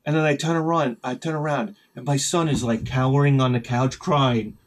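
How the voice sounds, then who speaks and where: A middle-aged man telling a rambling, profane story as a video host, sometimes shouting as he acts out his panic. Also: mid-range voice, steady tone, normal speed. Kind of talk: casual storytelling vlog.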